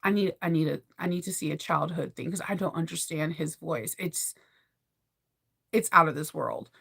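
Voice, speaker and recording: A woman, likely in her thirties, chatting casually to her followers in an animated, gushing way and laughing often. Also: deep voice, moderate pace, vocal fry, husky. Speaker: vlogger. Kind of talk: casual chat to camera.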